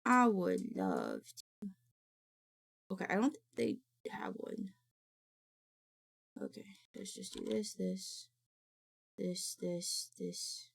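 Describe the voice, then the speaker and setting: A woman's voice: mid-range voice, steady tone, slow pace, vocal fry, pauses often, breathy edge. A woman streamer in casual live-stream chat, rambling and greeting her viewers by name. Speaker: VTuber streamer.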